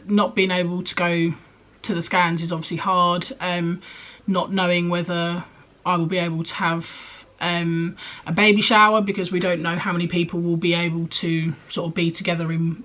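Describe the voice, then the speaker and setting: A woman's voice: lowish voice, little pitch movement, normal speed, a bit bright. A young woman, pregnant, chatting casually in a rambling way, with frequent ums and likes, as she answers questions for her vlog. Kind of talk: casual chat.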